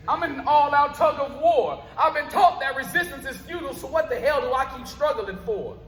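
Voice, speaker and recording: A man's voice: very high voice, a bit bright. A man performing spoken word poetry live on stage, with a rhythmic, rhyming delivery. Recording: roomy live venue with long reverb.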